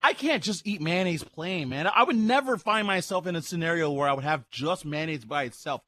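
A man on live radio tasting a sandwich and reacting with loud excitement, talking while he eats at home. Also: a little high, a little fast. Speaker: radio co-host. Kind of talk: live radio food review.

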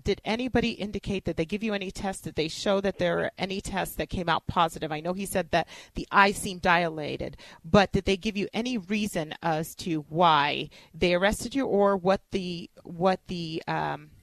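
A woman's voice: fairly low pitch, no room sound, poor audio. A woman co-hosting a talk show, asking questions hesitantly with many fillers.

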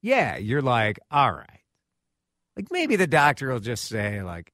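A man with a medium-pitched voice hosts a radio talk show, telling a story casually and animatedly at an unhurried pace while acting out quotes. The studio-quality recording has no echo.

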